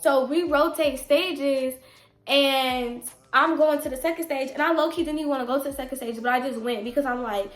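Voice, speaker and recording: Young woman, high-pitched, chatty storytime vlog, echoey room, faint background music. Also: a little fast. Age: 20s. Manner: chatty, animated, talks straight to viewers. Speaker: vlogger.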